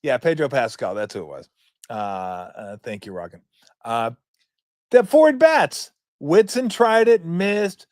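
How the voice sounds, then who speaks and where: A man's voice: fairly high pitch, very animated, measured pace, darkish tone, dry recording, clean studio sound. Rambling, profane man in his fifties. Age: 50s. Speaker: sports talk show host. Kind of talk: casual sports commentary.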